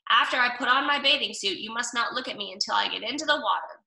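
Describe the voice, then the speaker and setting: A woman's voice: a little high, fast, gravelly, pushed and bright, heavily acted. A woman voicing a shy, gloomy male toad in a children's storybook, glum and stubborn, in a roomy room with the mic at a distance.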